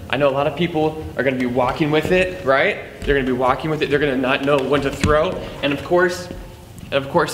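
A man teaching juggling to camera in a chatty, jokey, self-deprecating way, counting throws aloud. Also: on the high side. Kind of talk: casual tutorial to camera. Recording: long reverb, faint background noise.

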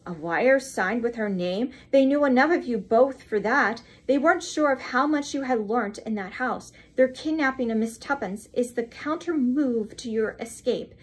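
A woman reading aloud and voicing a distinguished male lawyer who talks gravely and dryly, in a measured, questioning manner. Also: on the high side.

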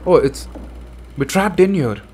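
A young man hosting a horror game playthrough, reacting loudly and excitably, with frequent swearing. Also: fairly high pitch, unhurried, slightly rough. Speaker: gaming channel host. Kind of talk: let's play commentary.

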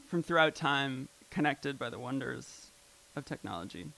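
Gravelly man rambling through a talk. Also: medium pitch, big pitch swings, moderate pace, hardly any pauses, a bit bright, poor audio. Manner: rambling, filler-heavy, with frequent "like" and "um". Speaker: presenter. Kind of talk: casual talk at a live event.

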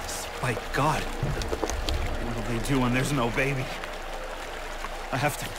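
A man's voice: mid-range voice, steady tone, slow, a loud crowd, heavy background noise, natural voice. A man voicing a grim game hero muttering. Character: grim adult male protagonist searching for his wife. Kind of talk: video game voice acting.

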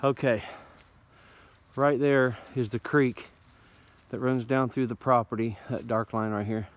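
This low-quality clip features a bushcraft vlogger, a man with an Indiana accent, speaking to a handheld phone outdoors in the winter woods. His mid-range voice keeps a steady tone and measured pace, though he's a bit out of breath from climbing uphill. He rambles along in a folksy, easygoing way.

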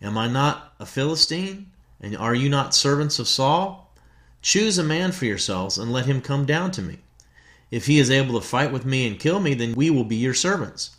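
A man's voice: mid-range voice, animated, moderate pace, fairly bright tone, close to an everyday voice. A man reading the lines of a menacing giant warrior in a raised, taunting voice.

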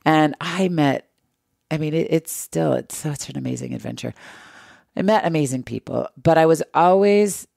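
A middle-aged American woman, guesting in an interview, tells a travel story as a lively anecdotal storyteller, acting out the quoted lines. Her voice is low-pitched and gravelly at a normal speed. The recording is studio quality, with no room sound.

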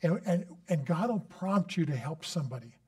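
High-voiced, earnest male preacher. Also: expressive, normal speed. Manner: earnest, storytelling, rising to fervent prayer. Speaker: guest preacher. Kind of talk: sermon.

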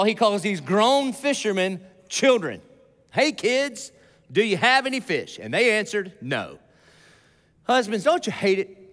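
In a large church auditorium with a long, echoing hall sound, a high-voiced pastor gives a lively sermon. His preaching feels like conversation, full of animation and side remarks aimed at the congregation.

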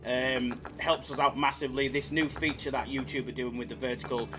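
This Yorkshire-accented streamer runs a live slots broadcast with music playing, bantering jokily with his audience and laughing a lot. His mid-range voice stays steady at a fairly quick pace.

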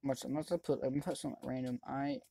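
A gaming channel host giving excitable running commentary while playing, often yelling at other players. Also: medium pitch, very fast, vocal fry, no echo. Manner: chatty running commentary on the game. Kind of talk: let's-play commentary.

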